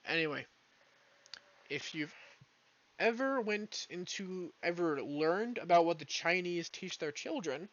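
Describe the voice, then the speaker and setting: Male streamer, casual, swears a lot, drifts off mid-sentence, higher voice, muffled cheap-mic sound. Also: a bit bright. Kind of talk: casual rant while gaming.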